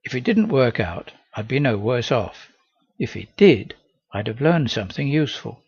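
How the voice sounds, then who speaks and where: A man reading a first-person novel aloud in a measured, expressive way. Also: medium pitch, breathy edge, dull audio. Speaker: audiobook reader.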